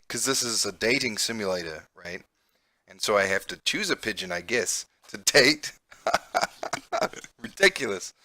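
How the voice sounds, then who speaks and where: A man's voice: medium pitch, sharp tone, no echo. A man, an English conversation teacher, playing a dating game on a close mic, amused and laughing often while explaining words. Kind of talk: game let's-play commentary.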